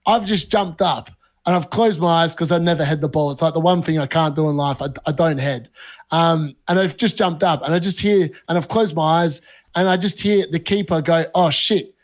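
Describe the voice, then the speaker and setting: A young man from Australia, a podcast guest, telling animated, laugh-filled stories in casual talk. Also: a little high, fairly quick. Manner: animated, laughs often, lively anecdotes. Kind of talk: casual storytelling.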